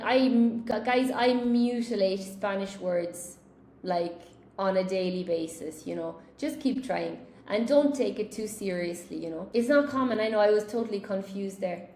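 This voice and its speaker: A woman with a warm, creaky, mid-range voice teaches an English lesson on a live stream. She chats with viewers, reads their questions aloud and laughs at her own slips. The room is echoey with faint background noise.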